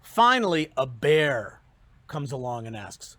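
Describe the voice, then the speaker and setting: Animated commencement speaker telling jokes. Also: medium pitch, measured pace, dry recording. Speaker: economics professor giving commencement speech.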